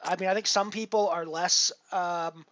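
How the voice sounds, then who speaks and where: A man's voice: high voice, steady tone, moderate pace, fairly bright tone, highs cut off. A man casually chatting to his viewers while he plays online poker, rambling with lots of fillers and restarts. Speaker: poker streamer. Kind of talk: casual live-stream commentary.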